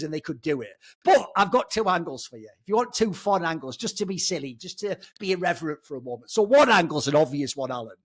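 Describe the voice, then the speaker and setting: A man's voice: high-pitched, big pitch swings, fast talker, a bit bright, breathy edge. A man, an esports pundit rambling irreverently in casual podcast chat, sometimes swearing.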